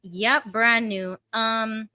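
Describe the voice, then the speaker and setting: Bright-voiced Canadian woman co-host. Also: on the high side, fairly even intonation, clean tone, dry recording. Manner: reads carefully, admits she talks fast. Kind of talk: casual chat and reading a news article aloud.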